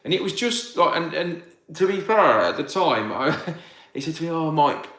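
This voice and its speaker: A man's voice: fairly high pitch, very animated, moderate pace, fairly bright tone, reverberant. A man, a farmer answering viewer questions in casual livestream chat. He rambles with many restarts and rants when something irks him.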